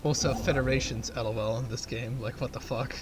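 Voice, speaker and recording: A man's voice: medium pitch, steady tone, brisk. A young man chatting casually while playing a strategy game, rambling and sarcastic with plenty of swearing and fillers. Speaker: gamer. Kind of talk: casual gaming chat. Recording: game music behind the voice.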